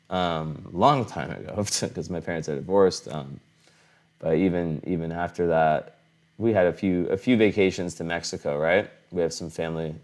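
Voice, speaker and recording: Speaking to a fixed camera in his home, a young adult astrology vlogger rambles in a relaxed way, full of restarts and filler words. His voice is deep with a darkish tone.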